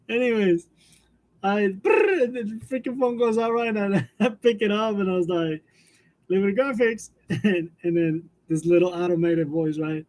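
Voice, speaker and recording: High-voiced man chuckling through a live chat. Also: normal speed, a little mellow. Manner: chuckles constantly between sentences, storytelling, loose and joking. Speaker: livestream host of a graphic design channel. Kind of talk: casual live chat with viewers. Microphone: wireless lavalier.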